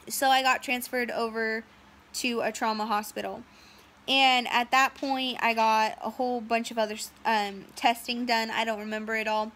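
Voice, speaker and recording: A woman's voice: on the high side, steady tone, measured pace, fairly bright tone. A young woman telling a long personal story in a casual, rambling way, full of "um"s and quoted dialogue. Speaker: storyteller recounting a personal medical ordeal.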